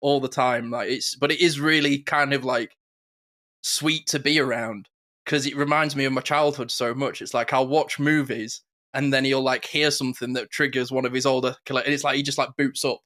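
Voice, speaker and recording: A man, co-hosting a podcast and telling stories with quick impressions in casual chat. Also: medium pitch. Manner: animated, quick storytelling with impressions. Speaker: podcast co-host.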